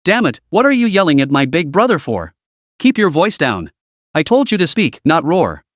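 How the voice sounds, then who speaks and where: A man voicing a brash, trash-talking male magpie beast who bullies others loudly. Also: fairly high pitch, very animated, normal speed, no room sound, studio quality. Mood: sneering bully. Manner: sneering, bullying, loud.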